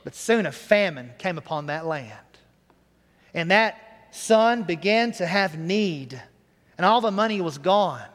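Brief: earnest male preacher, fairly high voice, storytelling sermon. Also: animated, a little slow, a bit bright, big-room sound.

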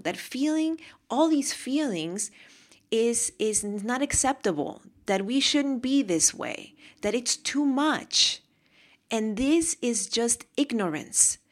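Animated, emphatic woman podcaster. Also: a little high. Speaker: podcast host. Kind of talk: casual motivational monologue.

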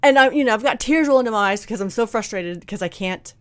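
Blunt, animated woman with a dry sound. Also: a little high, quick pace, dry recording. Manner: candid, blunt and animated, acts out quotes. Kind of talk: casual storytelling chat.

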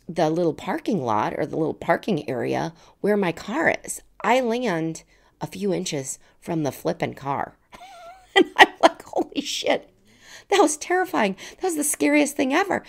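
A woman in her forties tells a personal story as a podcast host, in a casual and animated way. Her voice sits very low and has a gravelly fry. She laughs easily and acts out the lines of the people in her story.

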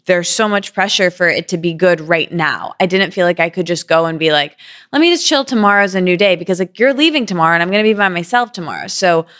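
A woman's voice: on the low side, a bit bright, smooth. A woman in her thirties telling a personal story in a candid, chatty way, full of "like" fillers. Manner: quick, chatty, frequent "like" fillers. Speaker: podcast guest.

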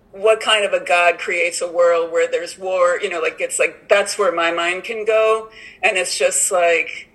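Bright-voiced woman sharing at a meeting. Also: on the low side, rough recording. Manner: rambling, many "like" and "you know" fillers, laughs often. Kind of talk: casual recovery-meeting share.

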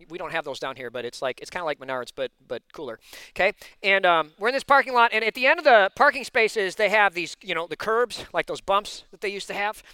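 A man preaching a sermon, telling a personal story in an animated, chatty way, full of asides and sudden loud bursts. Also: sits high, clean tone, no room sound. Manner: animated and intense, given to loud outbursts. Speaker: pastor.

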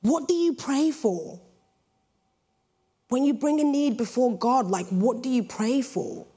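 Young female British preacher, playful storyteller, slightly high voice. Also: a little slow, slightly rough. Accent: British English. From Britain. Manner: lively, jokey storytelling. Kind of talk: sermon.

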